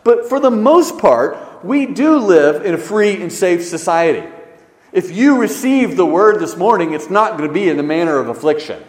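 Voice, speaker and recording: A man preaching a sermon as pastor, swinging between loud emphasis and hushed, low stresses. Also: animated, moderate pace. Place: church sanctuary. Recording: echoey church hall.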